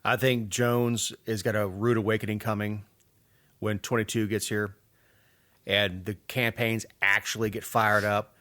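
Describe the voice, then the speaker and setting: A man's voice: fairly low pitch, level tone, unhurried, pushed and bright. Wry man, rambling banter. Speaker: podcast co-host. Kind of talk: casual political chat.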